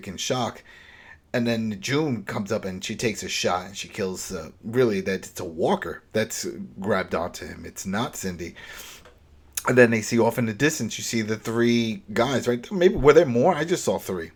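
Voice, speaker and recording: A man with a lowish voice talks through a TV episode in casual podcast chat. He rambles and restarts, then picks up energy, jumping into quick acted-out bits of dialogue. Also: husky. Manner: animated, rambling retelling with restarts. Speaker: podcast co-host. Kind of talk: casual recap discussion.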